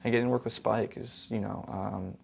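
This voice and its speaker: Low, gravelly young man musing. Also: fairly even intonation, a little fast. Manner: thoughtful, earnest, hesitant. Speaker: actor being interviewed. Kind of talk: casual interview.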